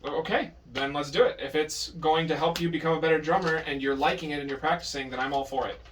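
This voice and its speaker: A man's voice: fairly high pitch, fairly even intonation, fast talker, slight background noise. A man teaching a private drum lesson, patient but firm, correcting his student and counting out beats. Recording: distant mic with drums in the room.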